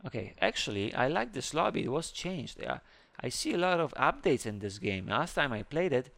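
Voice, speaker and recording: A man hosting a casual let's-play, commenting on a game as he plays. He is excitable, swinging between squealing high exclamations and low muttering. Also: moderate pace, creaky. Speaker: gaming channel host.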